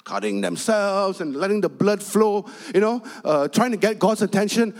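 A male pastor delivers a sermon in a chatty storytelling way, full of asides to the congregation. His voice sits a little high for a man. He turns animated and emphatic when he drives his point home. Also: normal speed. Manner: chatty storytelling with frequent "you know" asides.

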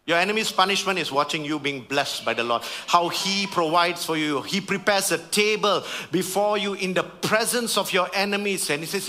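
A man preaching a sermon with a high, bright voice. He is fervent and calls out to his congregation, dropping his voice low and then lifting it for emphasis. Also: normal speed, hardly any pauses. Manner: fervent, swings from hushed to raised emphasis. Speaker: pastor.

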